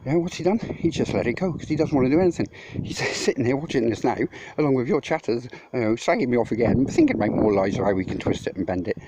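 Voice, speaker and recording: A man's voice: mid-range voice, lively intonation, fast, hardly any pauses. A man vlogging casually outdoors while hauling loads uphill, rambling and swearing freely as he talks to his viewers, out of breath. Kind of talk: casual walking vlog. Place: outdoors on a mountain path. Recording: noisy outdoor phone recording.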